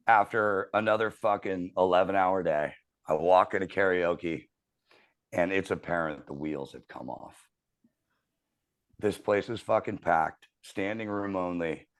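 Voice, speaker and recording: A man in his thirties telling a profane, animated story as a podcast host in casual chat. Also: sits low.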